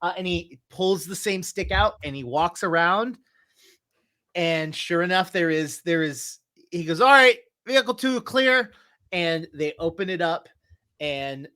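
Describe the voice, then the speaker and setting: A man narrating a tabletop game as game master, in slow, searching narration with restarts. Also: on the high side, fairly even intonation, a bit bright.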